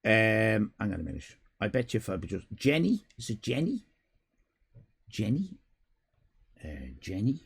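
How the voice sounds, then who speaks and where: Rambling man, gravelly voice. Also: fairly low pitch, very animated, measured pace, pauses often. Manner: rambling, swearing, self-interrupting. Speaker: livestream host. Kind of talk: casual live-stream chat. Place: home room with cats.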